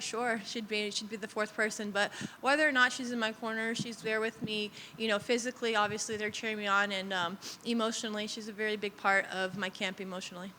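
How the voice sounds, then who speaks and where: A woman's voice: fairly high pitch, sharp tone, slight background noise. A woman in her thirties, a professional fighter, talking candidly and emotionally in a post-fight press interview, rambling with restarts. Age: 30s. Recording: long reverb.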